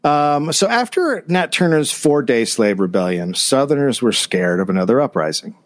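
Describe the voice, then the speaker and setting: A man reads history aloud in a casual comedic podcast. His pitch swings widely as he goes. He breaks off the text for dry, sarcastic commentary. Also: very animated, moderate pace. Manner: reads notes, then riffs with dry sarcasm. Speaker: podcast co-host reading history.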